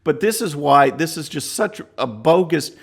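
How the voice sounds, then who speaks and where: A man's voice: a little high, animated, moderate pace, creaky, fairly bright tone, husky. A man hosting a political commentary show, talking casually with scornful asides. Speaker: podcast host.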